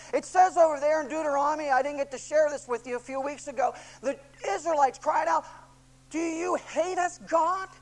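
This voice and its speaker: A preacher delivering a sermon with emphatic repetition and rhetorical questions, moving from hushed tones up to loud shouting. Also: high-pitched, poor audio. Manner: impassioned, swings from hushed to shouting.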